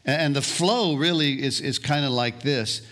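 A male pastor preaching a sermon, slow and deliberate, often restarting and repeating words. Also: on the high side, a bit bright.

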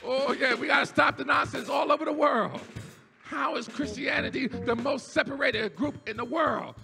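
A pastor preaching a sermon in a church, shouting and half-singing his peaks, then dropping low for quiet asides. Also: normal speed, creaky. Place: church sanctuary. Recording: church hall reverb with faint organ music.

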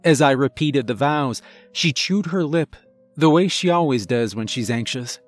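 A man narrating a first-person horror story in a measured, dramatic storytelling manner. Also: mid-range voice, expressive, soft background music.

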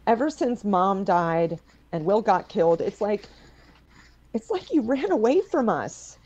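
A woman's voice: medium pitch, sing-song, unhurried, darkish tone, lo-fi sound. A woman playing a blunt, pleading adult daughter confronting her father in a stage play. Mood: angry.

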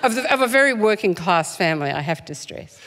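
A woman's voice: mid-range voice, animated, quick pace, fairly bright tone. A woman, an author guest, talking in a live stage interview, chatty and self-deprecating with frequent laughs and ums. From Australia, born in England.

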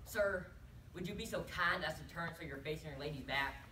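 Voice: medium pitch, brisk, bright, forceful tone, natural voice. A performer voicing a pompous restaurant host with a Southern accent who fakes foreign airs, grandiose and commanding. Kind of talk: competitive humorous interpretation. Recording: roomy, distant, noisy tournament room.

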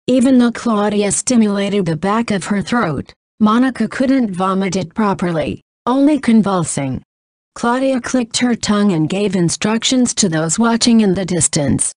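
A woman narrating a novel in a flat reading that says punctuation aloud. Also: mid-range voice, moderate pace, dry recording, studio quality.

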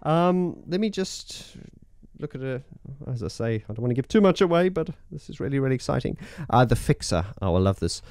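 Rambling enthusiastically with plenty of fillers, a keyboard player shows off his setup in a casual demo. His early morning voice is medium-pitched, darkish, and smooth, with big pitch swings and a slightly fast pace, recorded with no echo.

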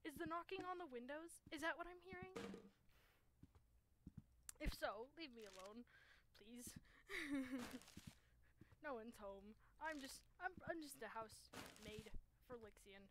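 At her home gaming setup, a woman plays a horror game, nervous, jumpy, shaking and frightened, talking through her fear with shaky laughs. Her voice sits high, slow and full of pauses, with background noise.

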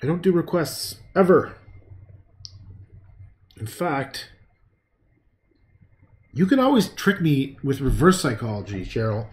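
This man's voice runs a bit high with big pitch swings, and he speaks slowly with frequent pauses. He's painting on a livestream, casually chatting with his viewers and replying to their comments. He jokes, curses, and laughs at his own jokes.

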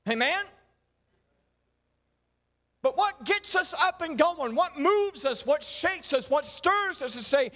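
A man's voice: extremely high pitch, a bit bright. A male pastor, preaching a folksy sermon with rhythmic repeated refrains.

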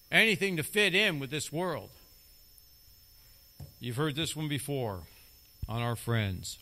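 A man's voice: mid-range voice, sharp tone. A middle-aged man preaching a sermon as a lay preacher, talking emphatically and repeating key phrases for stress.

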